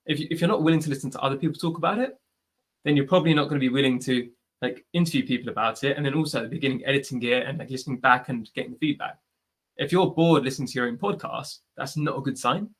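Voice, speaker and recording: Husky British man giving chatty advice. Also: medium pitch, fairly bright tone. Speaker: podcast host. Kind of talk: live online Q&A answer. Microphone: video call.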